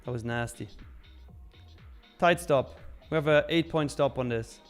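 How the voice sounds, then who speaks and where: A man's voice: mid-range voice, unhurried, soft background music. Casual man hosting a live trading stream. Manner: casual, joking, reads chat aloud.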